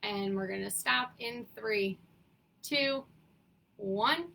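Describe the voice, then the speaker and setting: A young woman leading a seated exercise class, with a raspy morning voice, counting down and giving encouraging cues. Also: medium pitch, slow pace, sharp tone, a little hiss or hum, rough recording. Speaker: fitness instructor.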